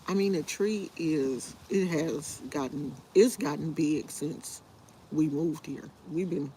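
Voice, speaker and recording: A woman's voice: deep voice, slow pace, warm tone, a little hiss or hum, rough recording. A woman hosting a casual livestream from her backyard, talking to viewers in a wistful, rambling way on a handheld phone. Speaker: livestream host. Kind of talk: casual live chat. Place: outdoors in a backyard.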